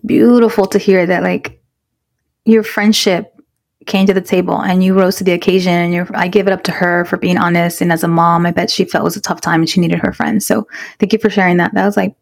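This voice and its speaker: A woman co-hosting a podcast who talks in a warm, joking way and mixes Spanish words into her English. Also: on the low side, level tone, a little fast, vocal fry. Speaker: podcast co-host. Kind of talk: casual chat.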